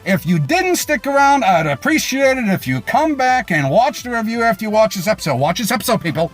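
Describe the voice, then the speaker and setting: A man hosting a reaction video, recapping an episode casually with swearing and lively pitch swings. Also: a little fast, soft background music. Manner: animated, swings pitch for emphasis.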